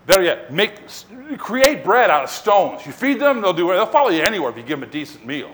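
Man putting on a smooth wheedling tempter, pitch bouncing around. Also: very animated, fast talker, fairly bright tone, a little hiss or hum. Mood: coaxing. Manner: wheedling, persuasive. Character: coaxing male tempter, smooth and persuasive.

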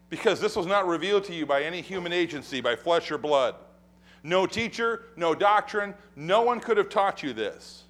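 A man preaching a sermon, acting out Bible dialogue with lively energy and putting questions to the congregation. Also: high voice. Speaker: pastor.

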